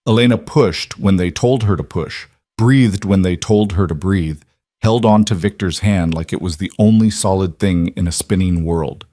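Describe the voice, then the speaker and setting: A man reading a dramatic story as scripted narration, in an even, measured way. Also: low voice, dry recording, studio quality.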